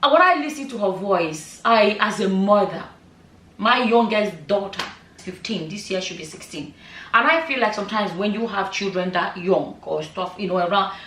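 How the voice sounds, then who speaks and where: A woman's voice: medium pitch, expressive, normal speed, fairly bright tone, a little hiss or hum. Mid-aged woman vlogging in an echoey room. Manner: emphatic, rhetorical questions, many "you know" asides. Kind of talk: casual commentary vlog. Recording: echoey room, voice a bit far from the mic.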